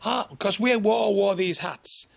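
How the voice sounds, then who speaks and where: A man's voice: sits high, a little slow, creaky. A man, a comedian telling blunt, bawdy anecdotes in an interview. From England. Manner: blunt, bawdy, chuckling raconteur.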